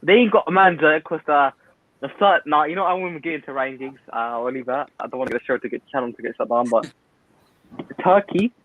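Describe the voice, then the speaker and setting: A young man, a guest pundit in heated football banter, ranting loudly and with strong opinions. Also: fairly high pitch. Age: young adult. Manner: loud, ranting, opinionated, quick asides. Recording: tinny dry phone-line audio.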